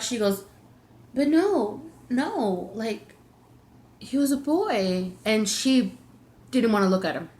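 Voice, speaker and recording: A young adult woman vlogger telling a personal story in a confiding, emotional way. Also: on the high side.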